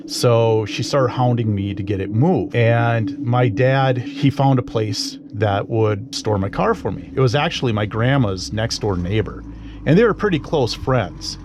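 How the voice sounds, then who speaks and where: A man's voice: on the low side, background noise. A man telling a personal ghost story in a rambling, conversational way, full of fillers and asides.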